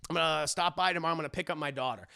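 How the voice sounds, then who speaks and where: A brash, blunt young woman who throws out insults, as a man plays her. Gravelly and bright in tone. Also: fairly high pitch, racing, no room sound, studio quality.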